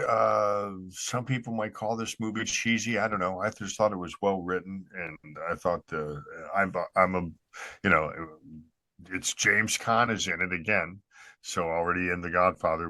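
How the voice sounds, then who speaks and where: A man co-hosting a podcast, talking in an easygoing, halting way with lots of fillers. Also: deep voice, sharp tone, dry recording. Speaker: podcast co-host. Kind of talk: casual chat.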